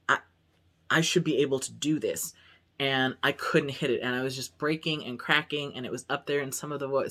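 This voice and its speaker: Young trans man, vlogger, rambling and candid, mid-pitched voice. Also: pushed and bright. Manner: talks openly and freely about his body. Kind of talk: casual vlog monologue.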